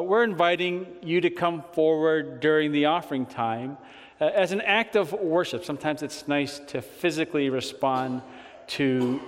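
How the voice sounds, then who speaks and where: Measured male pastor in a reverberant church. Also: mid-range voice. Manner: measured, gentle, some "uh" fillers. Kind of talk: church announcements. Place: church sanctuary. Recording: long reverb of a church sanctuary.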